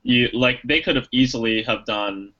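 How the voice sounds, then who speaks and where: A man with a medium-pitched voice speaks at normal speed as a podcast co-host in a casual movie review chat. He rambles, restarting often and filling gaps, while acting out quoted lines. The recording's highs are cut off.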